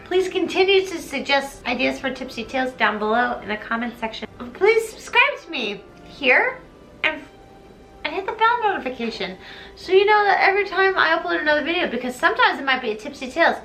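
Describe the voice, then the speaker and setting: Tipsy young woman vlogger, bright and high, very lively pitch, chatty and giggly. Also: a little fast. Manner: chatty, giggly, acts out characters in put-on voices. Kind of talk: tipsy comedic plot recap.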